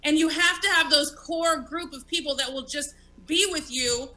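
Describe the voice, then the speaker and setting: Bright-voiced woman host, blunt and chatty. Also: high-pitched, normal speed, a little hiss or hum, poor audio. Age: 30s. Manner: candid, profane and chatty. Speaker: talk show host and stand-up comic. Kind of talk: casual live-streamed talk show chat.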